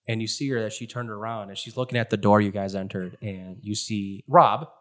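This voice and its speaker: A game master narrating a tabletop game and switching quickly between narration and character voices. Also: mid-range voice, fairly bright tone.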